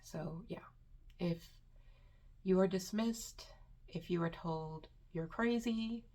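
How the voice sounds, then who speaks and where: A woman vlogger giving personal advice to the camera, earnest and emphatic, repeating words for stress and sometimes dropping to a hushed near-whisper. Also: lowish voice, takes it slowly. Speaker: self-improvement vlogger.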